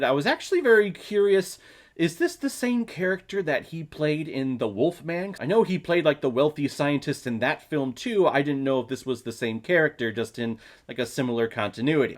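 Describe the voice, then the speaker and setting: A man reviewing a movie in a casual, jokey vlog style with plenty of fillers. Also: medium pitch.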